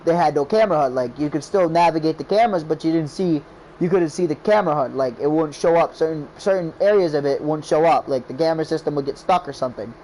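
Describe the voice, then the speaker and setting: A man's voice: a little high, fast talker, mellow, slight background noise, rough recording. A man casually telling a rambling story about making his game, quoting his friends' reactions over and over. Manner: rambling, repeats "I was like" and quotes friends. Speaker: game creator.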